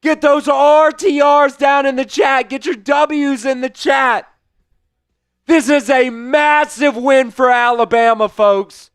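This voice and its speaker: A hoarse man, hosting a fan livestream of a football game, calling plays, shouting and chanting in excitement. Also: very high-pitched, slow pace, dry recording, studio quality, soft background music. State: hoarse, voice worn out. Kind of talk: live fan play-by-play watch-along.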